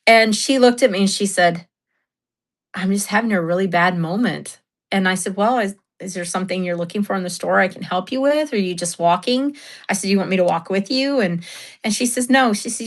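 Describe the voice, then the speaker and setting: Woman streamer just chatting, laughs a lot, tells stories, talks back to chat, medium pitched voice. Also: a little fast. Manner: chatty storyteller, laughs often, reads chat aloud. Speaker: livestream host. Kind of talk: casual livestream chat.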